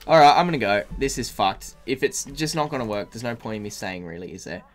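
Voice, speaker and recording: A tired man chats live while streaming a game, rambling and swearing with plenty of ums and restarts. His voice sits at an ordinary pitch. Faint music plays quietly behind him. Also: quick pace. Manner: rambling, profane, many fillers and restarts. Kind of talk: casual live-stream chat.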